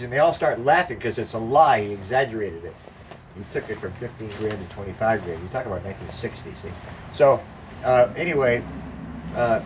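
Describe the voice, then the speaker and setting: Older man, casual storyteller, rambling and profane, distant mic, faint background noise. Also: mid-range voice. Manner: rambling, profane, acts out quoted voices.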